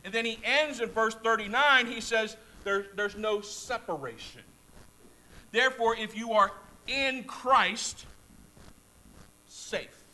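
Male preacher, high and very bright voice, fervent, repetitive, loud peaks and hushed asides. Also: expressive, a little slow, poor audio. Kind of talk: sermon.

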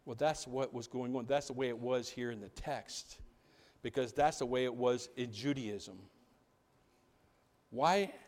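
A man preaching a sermon as pastor, animated, swinging between loud outbursts and hushed lines. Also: mid-range voice, a little slow, long pauses, in a large hall.

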